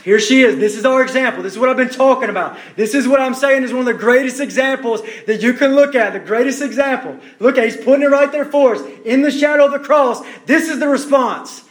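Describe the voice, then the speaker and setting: A man preaching a sermon, emphatic and repeating his phrases, dropping to hushed questions to the listeners. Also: very high-pitched, fast, hardly any pauses. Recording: echoey room.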